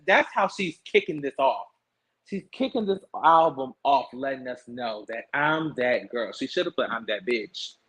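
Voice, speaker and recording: A sassy man hosts a casual celebrity gossip show with a slightly husky voice. His pitch sits in the middle, and he keeps it lively with slang and asides. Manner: sassy, animated, slangy storytelling. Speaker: host.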